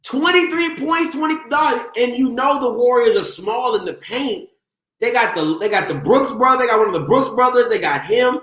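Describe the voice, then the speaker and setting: Host, male, high lively voice ranting on a live stream from an echoey room. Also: moderate pace, few pauses. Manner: animated, talks over himself, mocks viewers. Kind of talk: live-stream sports rant.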